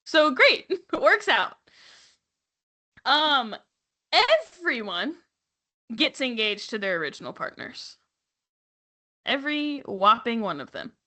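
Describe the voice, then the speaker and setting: A woman co-hosting a podcast recaps reality TV in casual, sarcastic, profane chat with laughing asides. Her slightly high voice is sing-song, pushed and bright, and she takes it slowly with frequent pauses.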